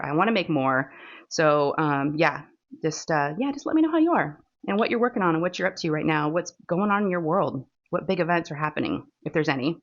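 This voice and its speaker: Chatty Texan woman on a dull phone mic. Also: lowish voice. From Texas. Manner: chatty and rambling, with many fillers and laughs. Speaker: crafting channel host. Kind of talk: casual chat while diamond painting.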